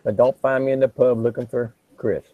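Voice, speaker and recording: A man's voice: mid-range voice, fairly even intonation, a little fast, no echo, phone-quality sound. A man guesting on a panel over a call, joking as he introduces himself. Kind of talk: casual chat.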